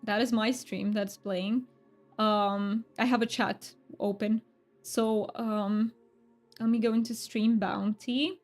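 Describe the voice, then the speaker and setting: A woman's voice: medium pitch, steady tone, slow, darkish tone, soft background music. A woman livestreaming a cozy game, chatting with her viewers in a bubbly, upbeat way and laughing often. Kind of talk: casual live-stream chat.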